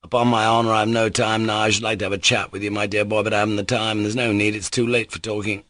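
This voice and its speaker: Male narrator doing a wild, exclamatory young nobleman on a spree, raised and loud, dry close read. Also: on the low side, flat delivery, fast talker, dry recording, natural voice. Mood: exuberant. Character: reckless, excitable young nobleman on a drunken spree. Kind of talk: audiobook character reading.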